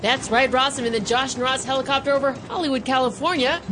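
A woman co-hosting a podcast, joking in a deadpan way. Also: high voice, quick pace, background noise. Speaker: co-host. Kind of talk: casual podcast chat.

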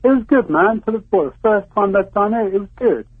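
A man with an English accent calls into a show over a tinny, dry phone line. His voice sits fairly high and sounds husky, and he talks bluntly, swearing freely. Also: animated, brisk, no room sound. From England. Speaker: caller. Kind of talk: casual phone call.

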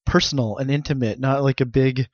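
A man's voice: mid-range voice, steady tone, fairly quick, dry recording, dull audio. A man co-hosting a podcast in casual chat, laughing easily and reading out fan questions. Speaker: podcast co-host.

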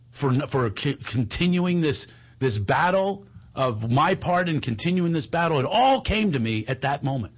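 A comedian guest, a man with a slightly high, husky voice, tells a personal story in conversation, laughing often and acting out what other people said.

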